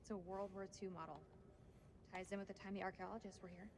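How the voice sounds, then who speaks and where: A woman's voice: mid-range voice, flat delivery, fast talker, natural voice. An actress playing a blunt, impatient woman survivor in a game scene. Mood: terse. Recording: reverberant game scene with noise.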